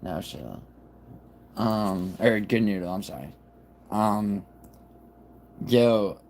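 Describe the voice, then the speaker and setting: A man who is sick, with a raspy voice, chatting casually on a livestream in a rambling, profane way. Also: on the low side, expressive, takes it slowly, pauses often, darkish tone, a little hiss or hum, poor audio. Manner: rambling, profane, restarts often. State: sick, rough voice. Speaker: livestream host.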